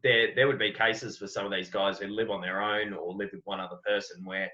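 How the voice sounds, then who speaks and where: A man's voice: lowish voice, level tone, fairly quick, bright, forceful tone. An Australian man, a wrestling coach, speaking earnestly and reflectively as a podcast guest, often repeating words as he thinks. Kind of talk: podcast interview. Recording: dull lo-fi audio.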